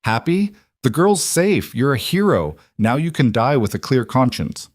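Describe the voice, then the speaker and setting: A man's voice: mid-range voice, sing-song, unhurried, dry recording, studio quality, pitched above the performer's own voice. A man voicing a ruthless, mocking outlaw gang leader in a western story, with a taunting, menacing delivery. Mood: mocking menace. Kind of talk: audiobook story narration.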